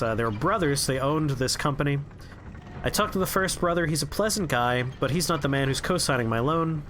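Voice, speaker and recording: A man streaming a game, rambling through profane, relaxed anecdotes as he plays. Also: medium pitch, slight background noise. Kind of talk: casual gameplay commentary and storytelling.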